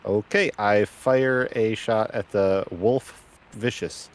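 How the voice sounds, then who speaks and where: A man's voice: on the low side, slow. A man playing a tabletop game in a casual way, swearing and exclaiming. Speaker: player.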